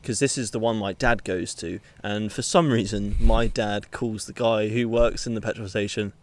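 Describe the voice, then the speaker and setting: A man's voice: fairly low pitch, fairly even intonation, moderate pace. A young man chatting casually as a podcast co-host, rambling and laughing often at himself. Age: young adult. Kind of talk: casual chat.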